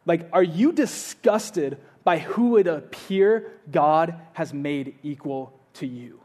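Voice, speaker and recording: A man preaching a sermon, earnest, repeating his phrases and swinging between loud urging and hushed appeals. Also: fairly high pitch, animated, takes it slowly. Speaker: pastor.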